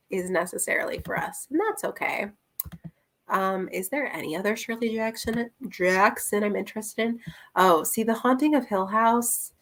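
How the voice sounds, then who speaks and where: A woman's voice: mid-range voice, fairly bright tone. A young woman chatting casually through a book review, rambling with plenty of fillers and little laughs.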